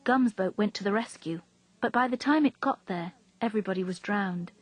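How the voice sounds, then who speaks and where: A woman reading a story aloud in a steady, even narrating voice. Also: medium pitch, normal speed, no echo, poor audio. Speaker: reader.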